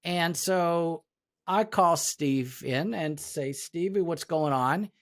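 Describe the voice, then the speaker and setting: A man's voice: on the high side, takes it slowly. A man co-hosting an HR podcast who tells stories in casual chat and acts out the dialogue of the people in them. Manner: storytelling, acting out quoted dialogue. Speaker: podcast co-host, HR professional.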